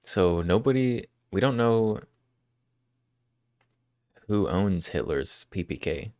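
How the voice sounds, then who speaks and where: Deep-voiced joking streamer man. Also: animated, slow pace, a little mellow, no room sound, studio quality. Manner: joking and rambling, answering chat questions. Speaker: live streamer. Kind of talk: casual live-stream chat with viewers.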